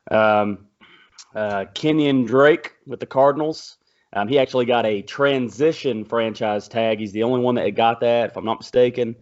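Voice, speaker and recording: A man's voice: medium pitch, dull audio. A man moderating a casual sports podcast, laid-back and running through his notes conversationally.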